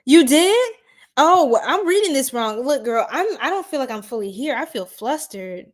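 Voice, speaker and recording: A woman's voice: sits high, lively intonation, normal speed. A woman hosting a casual astrology livestream, chatting with her viewers in a giggly, flustered way. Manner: giggly, flustered, talks straight to chat.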